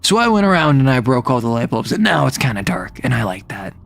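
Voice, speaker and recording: A man voicing a gloomy, depressed male ogre who talks in a low, quiet deadpan. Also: fast talker, creaky, no echo.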